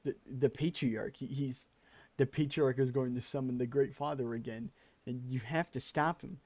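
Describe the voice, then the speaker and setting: A man's voice: medium pitch, normal speed, darkish tone, no room sound, natural voice. A man voicing a timid, pleading little male kobold in a game, with an odd put-on accent and repeated words. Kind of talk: reading game dialogue aloud.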